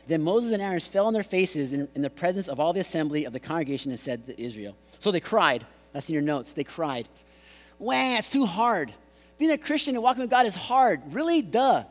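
Man, pastor, animated joking sermon, high voice, long hall echo. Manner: animated, jokey preaching with mimicked voices.

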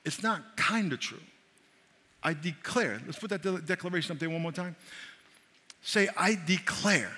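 A middle-aged male pastor preaching a sermon, animated and repetitive, often checking that his congregation is following along. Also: on the high side, normal speed, pauses often. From New York. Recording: long reverb of a large hall.

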